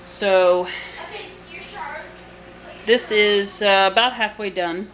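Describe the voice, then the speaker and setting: Extremely slow and steady, this woman's mid-range, slightly bright voice carries a rambling kitchen chat for her cooking channel, peppered with fillers and asides. She's a home cook filming herself, with noticeable background noise in the recording.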